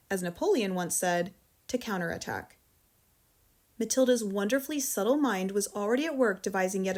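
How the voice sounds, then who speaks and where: An American woman narrating a children's novel in a calm, measured storytelling voice. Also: mid-range voice. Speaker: audiobook reader. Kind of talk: audiobook narration.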